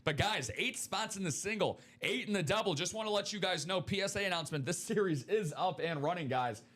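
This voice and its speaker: Male stream host, slightly high voice, upbeat quick sales patter. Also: fairly bright tone. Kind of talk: sales pitch for memorabilia breaks.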